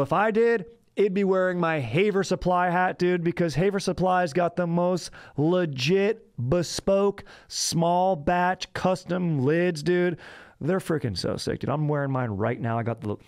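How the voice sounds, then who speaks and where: A man's voice: sits high, measured pace, voice pushed up. A man voicing a laid-back young bro in a comic ad read, drawling slang and saying dude after every phrase. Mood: hyped.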